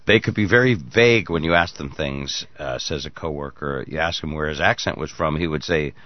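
A man's voice: a bass voice, fairly quick, muffled recording. A man hosting a morning radio talk show, joking with his co-hosts and reading news items aloud. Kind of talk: casual morning show banter.

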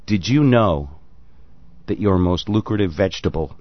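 Guy hosting talk radio, lowish voice, teasing callers, dry studio sound. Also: animated, normal speed, no room sound, highs cut off. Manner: wisecracking, teasing. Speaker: radio show host.

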